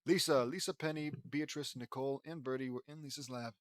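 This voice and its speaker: A man's voice: medium pitch, fairly even intonation, brisk, no room sound, studio quality. A man reading his own fan fiction aloud, casual and rambling, stumbling over names and breaking off to comment. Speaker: audiobook reader and author.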